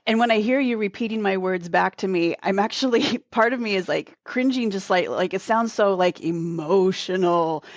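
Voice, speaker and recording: A woman guest, a communication coach, explaining ideas in a relaxed, casual way. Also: medium pitch, moderate pace, hardly any pauses, no echo. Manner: relaxed, explanatory, frequent "like" fillers. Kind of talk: casual conversational interview.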